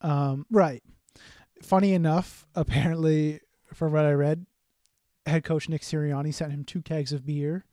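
A man co-hosting a sports podcast, talking in a relaxed, hesitant way with fillers. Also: a little high, measured pace, no room sound, studio quality. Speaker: podcast co-host. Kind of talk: casual sports talk.

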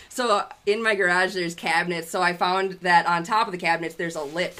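A woman in her thirties telling a story in casual chat, animated and laughing, acting out the voices of the people she quotes. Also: mid-range voice, brisk, background noise. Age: 30s. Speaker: podcast guest.

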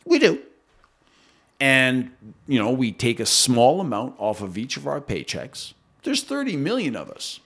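Man, podcast co-host, animated, wide pitch swings, interjects often, casual debate. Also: slightly rough. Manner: animated, quick to interject with agreement.

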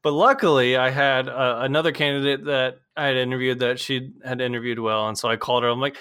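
A man's voice: medium pitch, brisk, fairly bright tone, clear, resonant tone, no room sound, studio quality. A young man hosting a casual podcast, rambling with lots of fillers and swearing, acting out quoted people in a raised voice. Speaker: podcast host. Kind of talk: casual chat.

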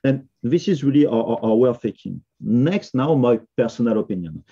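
A man's voice: medium pitch, animated, brisk, warm tone, slightly rough, muffled recording. A man with a French accent talking casually as a podcast guest, often hesitating with fillers and restarts. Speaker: software company founder, podcast guest.

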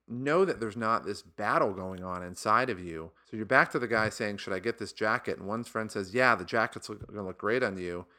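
Lively, bright-voiced male sales coach. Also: lowish voice. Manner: earnest, encouraging coaching tone. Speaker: sales podcast host. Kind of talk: motivational solo podcast monologue.

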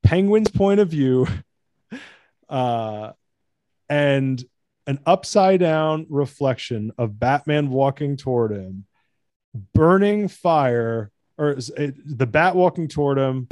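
Profane, rambling American man for podcast chat; dry booth sound, mid pitch. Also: lively intonation, slow pace, darkish tone, no room sound. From United States.

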